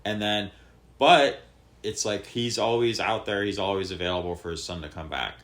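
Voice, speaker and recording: A man with a lowish voice talks on a podcast and explains things in a loose, rambling way. He restarts his sentences and fills the gaps with 'like' and 'you know'. The tone is relaxed chat. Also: normal speed. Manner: rambling, many fillers and restarts, explaining a parable. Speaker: podcast co-host. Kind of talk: casual chat.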